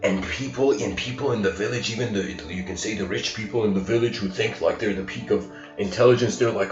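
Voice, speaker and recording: A man's voice: on the low side, brisk, hardly any pauses. A man giving a lecture as a loose, chatty story, often laughing and using fillers. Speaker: spiritual lecturer. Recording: dull roomy recording with music behind.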